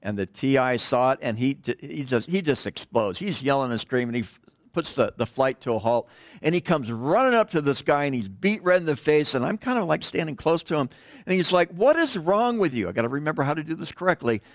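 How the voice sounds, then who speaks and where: A middle-aged man giving a conversational sermon as pastor in a church, wandering off on tangents and letting his voice sink to a hush at the ends of phrases. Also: medium pitch, animated, a little fast, dry recording.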